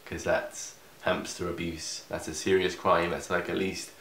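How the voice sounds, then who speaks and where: Young man reading a story aloud, sarcastic asides, lowish voice, echoey room. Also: level tone, measured pace, vocal fry, fairly bright tone, a little hiss or hum. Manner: sarcastic, interrupts himself with asides. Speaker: vlogger. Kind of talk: comedic fan fiction reading. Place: room in grandparents' house.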